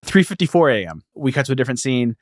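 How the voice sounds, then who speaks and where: A man's voice: mid-range voice, very animated, fast talker, no echo, clean studio sound. A man co-hosting a podcast, casually summarizing a comic book issue and laughing often as he retells scenes. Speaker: podcast co-host.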